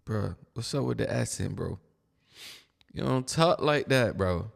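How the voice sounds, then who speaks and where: A man's voice: lowish voice, expressive, unhurried, creaky. Blunt slangy man reacting, reverberant room. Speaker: commentator. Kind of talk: casual reaction commentary.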